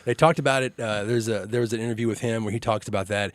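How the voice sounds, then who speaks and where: A man co-hosting a casual movie podcast, excitable and laughing often as he retells scenes. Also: lowish voice, quick pace, no room sound. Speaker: podcast co-host.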